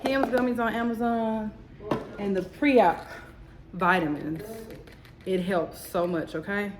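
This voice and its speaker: A woman telling her story in a chatty, animated home vlog, talking straight to her viewers. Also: medium pitch, slow pace, a crowd in the background. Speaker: vlogger. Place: home, indoors.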